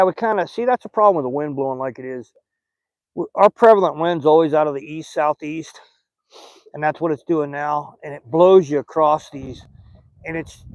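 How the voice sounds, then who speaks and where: An older man with a Southern American accent hosts his fishing channel's live stream from a small boat on a lake, rambling folksily and speaking to the fish and his viewers. His voice is fairly high; the phone recording is lo-fi and echo-free.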